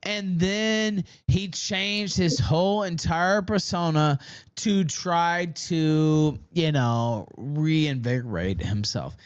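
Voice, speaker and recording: A man's voice: a little high, slow, smooth, no room sound. A man calling into a live stream who argues angrily, swears constantly and repeats the same demand over and over. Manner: angry, profane, repeats himself insistently. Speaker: caller. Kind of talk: heated call-in argument. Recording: dull lo-fi call audio.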